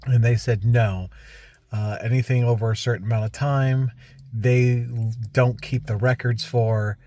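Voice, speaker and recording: A man's voice: mid-range voice, level tone, moderate pace, darkish tone, dry recording. A man talking casually to camera in a rambling vlog, recounting a frustrating week with many restarts and asides. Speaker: vlogger.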